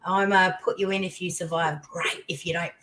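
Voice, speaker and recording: Animated older Australian woman telling a story. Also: fairly low pitch, moderate pace, noisy background. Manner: animated storytelling, voice leaping into exclamations. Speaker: guest. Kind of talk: casual interview chat.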